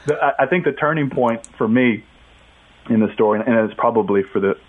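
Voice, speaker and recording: A man tells a story at a brisk clip as a guest on a radio talk show, lively and acting out what people said. His voice comes through a thin, tinny phone line. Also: medium pitch. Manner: animated storyteller, acts out quotes. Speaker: author and guest. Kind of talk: casual radio interview storytelling.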